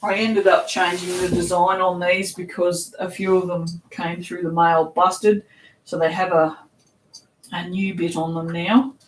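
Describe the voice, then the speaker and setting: Packing orders for her soap shop, this Australian woman keeps up relaxed live-stream chatter, reading out comments, laughing often and cursing casually. Her fairly low voice is flat and a little slow. She sits far from the mic, so the room echoes, she sounds somewhat off mic, and there's faint background noise.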